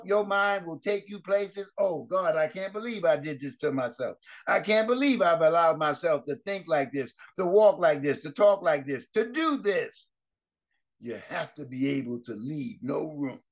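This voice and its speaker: Male pastor, fervent prayer-line sermon, rather high voice, repeats and restarts phrases. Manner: fervent preaching with repeated exclamations and rising emphasis.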